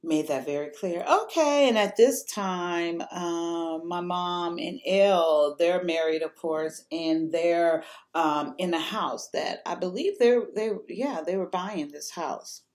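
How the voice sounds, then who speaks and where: A woman's voice: fairly low pitch, takes it slowly, a little mellow. A woman telling a personal story to the camera in a casual, rambling way, swearing freely and filling gaps with ums and restarts.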